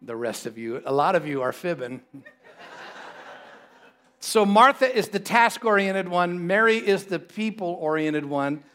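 A man's voice: sits high, lively intonation, measured pace, a bit bright. A man preaching a sermon to a congregation, conversational and playful, often joking with the people in the room. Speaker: pastor.

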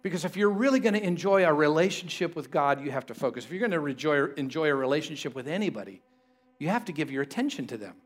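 A man's voice: fairly high pitch, lively intonation, fast. A man preaching a sermon to a congregation, conversational and playful, often joking with the people in the room. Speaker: pastor.

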